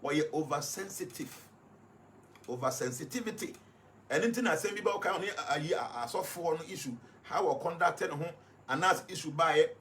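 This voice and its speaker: A man's voice: on the high side, animated, moderate pace, a bit bright, a little hiss or hum. A man with a Ghanaian accent speaking on live radio, explaining his points one at a time and mixing English with Twi. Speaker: radio guest reading numerology.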